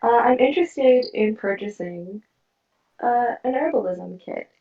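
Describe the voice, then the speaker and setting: A woman's voice: a little high, expressive, unhurried, creaky. A woman voicing a polite, cash-strapped young female adventurer in her own voice, formal and hesitant. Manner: formal, polite, trails off with fillers. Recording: roomy, distant, dull sound.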